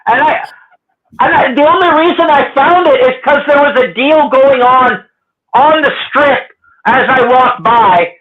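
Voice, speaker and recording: In muffled, lo-fi audio, a Canadian man with a very high-pitched voice talks a little slowly. Chatting casually, he spins rambling, profane stories and acts out other people's lines.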